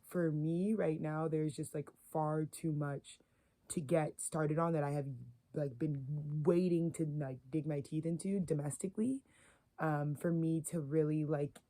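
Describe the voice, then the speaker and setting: Mellow, flat-voiced woman musing on spirit. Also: low-pitched. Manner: filler-heavy, meandering, earnest. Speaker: spiritual content creator. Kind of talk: rambling spiritual monologue.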